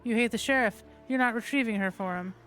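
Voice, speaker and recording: A defiant young outlaw swordsman from a story game , read by a woman. The voice is fairly high, and faint music plays behind it. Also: fast talker, fairly bright tone, close to an everyday voice.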